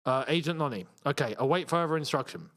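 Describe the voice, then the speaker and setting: A young man hosting a live football watchalong, chatting to his viewers and reacting loudly to missed chances. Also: fairly high pitch, fast talker. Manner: excitable, shouts at missed chances, banters with chat. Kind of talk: live match watchalong commentary.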